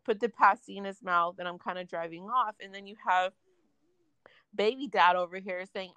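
A woman's voice: medium pitch, normal speed, clean tone, dry recording. Young woman ranting about her day, swears a lot, says like constantly, dry close sound. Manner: animated venting, heavy filler words, swearing. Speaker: storyteller in a casual chat. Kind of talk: casual chat.

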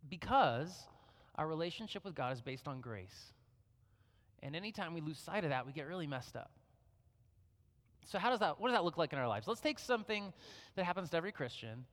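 Middle-aged male pastor, bright voice, relaxed chatty sermon delivery, long reverb in the room. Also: fairly high pitch, fairly quick, long pauses. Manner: conversational preaching, frequent "right?" asides.

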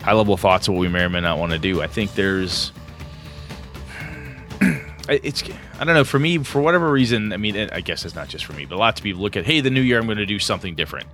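A man's voice: lowish voice, animated, fast, a bit bright, faint music behind. A man co-hosting a tabletop gaming podcast, rambling enthusiastically with lots of fillers. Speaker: podcast co-host. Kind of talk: casual podcast chat.

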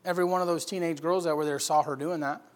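A man preaching a sermon, swinging from loud emphatic bursts to quiet storytelling. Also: on the high side, fairly even intonation, quick pace. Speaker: pastor.

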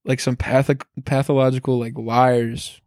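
A man's voice: mid-range voice, little pitch movement, moderate pace, darkish tone, dry recording, studio quality. A young man co-hosting a podcast, chatting casually with lots of fillers and swearing. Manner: profane, filler-heavy, laughs often. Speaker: podcast co-host. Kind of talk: casual chat.

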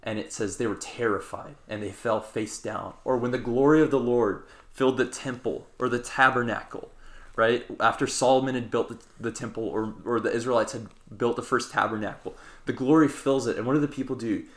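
A man's voice: mid-range voice, fairly even intonation, fairly quick, roomy sound. A man leading a conversational Bible study, reading passages aloud and putting questions to his co-host. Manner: reads scripture aloud, quizzes his co-host.

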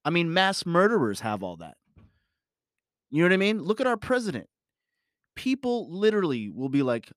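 A man's voice: on the high side, big pitch swings, moderate pace, pauses often, dry recording, studio quality. A man telling a personal story in a casual monologue, rambling and emphatic, swearing often and leaning on "you know". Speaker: parent talking about his family.

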